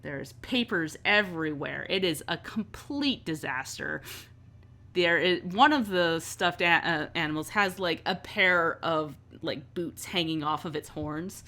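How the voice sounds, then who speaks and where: A woman's voice: sits low, a little slow, pushed and bright. A woman narrating as game master in a tabletop game, in a loose, filler-heavy way.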